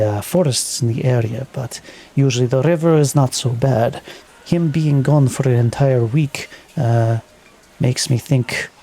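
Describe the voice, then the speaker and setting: A man puts on a many-eyed merchant for a tabletop game, haggling in a put-on foreign accent. The voice is gravelly and husky, with a dark, mellow tone, and he hesitates and circles around his words. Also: mid-range voice. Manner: hesitant, hand-wringing haggler, full of fillers. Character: wary, haggling male merchant with many eyes.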